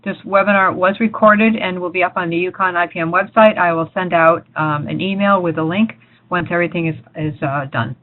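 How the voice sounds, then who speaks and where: A woman hosting a webinar, giving brisk, polite closing remarks. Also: fairly low pitch, steady tone. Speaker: webinar host. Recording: tinny phone-like webinar audio.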